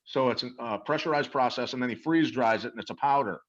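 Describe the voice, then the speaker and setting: A man's voice: mid-range voice, quick pace, a bit bright, lo-fi sound. A middle-aged man telling stories in an interview, earnest and emphatic, often repeating words as he goes. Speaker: interview guest. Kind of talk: animated storytelling about a product.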